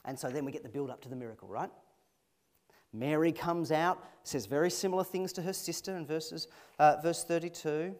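A man preaching a sermon in a conversational, expressive way, asking his listeners rhetorical questions. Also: on the high side, a little fast. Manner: expressive, shifting emphasis.

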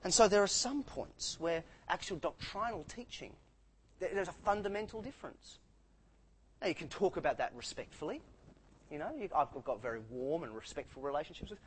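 A man's voice: sits high, slight background noise, rough recording. A man preaching a sermon in a church, earnest and emphatic, often repeating words to stress a point.

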